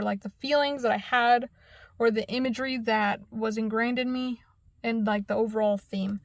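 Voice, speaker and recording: A woman's voice: on the high side, no echo. Chatty young woman, dry close mic. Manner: animated, profane, acts out dialogue. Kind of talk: casual storytelling.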